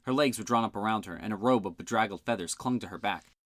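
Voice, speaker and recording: A man reading a fan-made audiobook, narrating expressively and switching into character voices. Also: fast talker. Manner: expressive, voices the characters with shouts and big pitch jumps.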